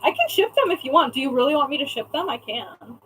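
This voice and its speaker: A woman's voice: high voice, big pitch swings, quick pace, fairly bright tone, rough recording. A young woman chatting casually on a live stream as a craft shop owner, reading out viewer comments and swearing now and then.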